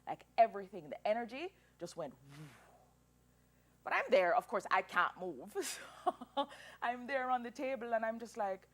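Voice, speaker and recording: A woman in her thirties telling a personal story as an interview guest, animated and emotional, laughing through tears. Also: fairly high pitch, moderate pace. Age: 30s.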